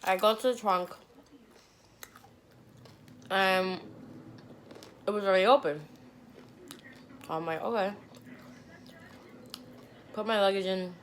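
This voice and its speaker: A young woman vlogger telling a story to the camera between bites, animated and blunt, with the odd swear word. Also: mid-range voice, unhurried, long pauses, slight background noise. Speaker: mukbang vlogger. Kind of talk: storytime chat while eating.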